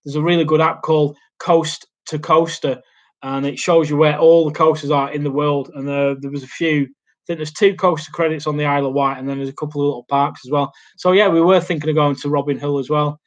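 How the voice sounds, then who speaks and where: A young man chatting through a live Q&A at his laptop in a small home studio. His voice sits fairly high for a man. He rambles and hesitates, with lots of ums and restarts along the way. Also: fairly even intonation, fairly quick, highs cut off. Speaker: YouTube host. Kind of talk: casual live Q&A chat. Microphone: laptop mic.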